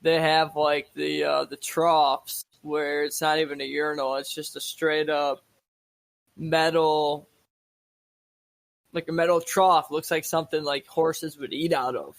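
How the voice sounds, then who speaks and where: A man's voice: a little high, flat delivery, a little slow, gravelly, no room sound. Laid-back, profane young man chatting. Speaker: podcast co-host. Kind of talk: casual chat.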